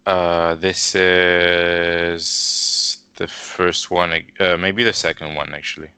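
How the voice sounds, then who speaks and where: Male beginner student, very low voice, slow, short replies and hesitant guesses, video-call lesson. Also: level tone, bright, forceful tone, clean tone, no echo. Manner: brief, agreeable replies and tentative guesses. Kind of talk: online language lesson.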